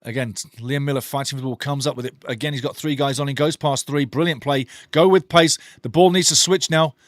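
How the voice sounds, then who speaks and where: A man hosting a live match watchalong, calling the play and answering chat in an animated, opinionated way. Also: a little fast, no room sound, studio quality. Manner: animated, opinionated, swings from excited calls to low asides. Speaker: watchalong host commentating a match.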